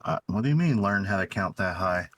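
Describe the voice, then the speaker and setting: Low-voiced blunt male gamer. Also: animated, fairly quick, a bit bright. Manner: blunt, swearing, offhand. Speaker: co-player. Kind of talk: casual gaming chat.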